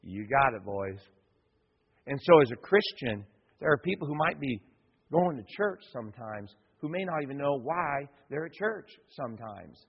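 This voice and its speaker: A man's voice: on the high side, expressive, moderate pace, gravelly, husky, big-room sound, dull audio. A male pastor preaching in a church, folksy and repetitive, acting out quotes as he goes. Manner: folksy, repeats himself, acts out quotes. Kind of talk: sermon.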